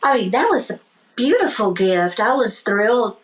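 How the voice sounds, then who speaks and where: A woman's voice: a little high, big pitch swings, moderate pace, rough recording. A woman country singer-songwriter, a guest in a casual interview, tells stories with animation and acts out the voices of people in them. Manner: speaks of faith and blessings.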